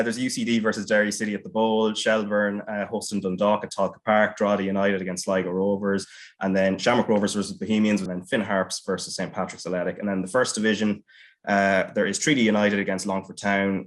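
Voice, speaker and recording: An Irish man hosting a football podcast in an easygoing way, reading out fixtures and wrapping up. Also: sits low. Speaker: podcast host.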